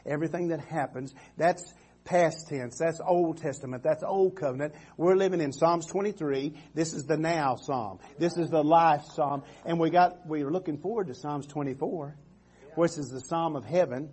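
Husky-voiced preaching man. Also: a little high, moderate pace, a little mellow. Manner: preaching with call-and-response "Amen" and "Come on", stammering restarts. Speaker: pastor. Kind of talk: sermon. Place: church sanctuary.

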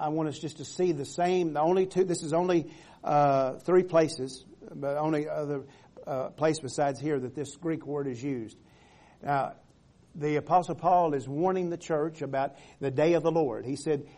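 Guy preaching a sermon, kinda high voice but mellow, repeats himself, stretches out the big lines. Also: steady tone. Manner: rising in volume when reading scripture, drawn-out emphatic phrases; repeats words as he builds up to a point.

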